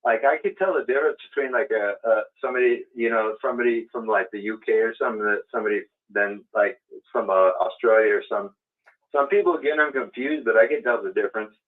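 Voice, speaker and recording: A man's voice: on the low side, fast talker. A man in a casual group chat, talking hesitantly with constant fillers. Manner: hesitant, full of "like". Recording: tinny phone-like call audio.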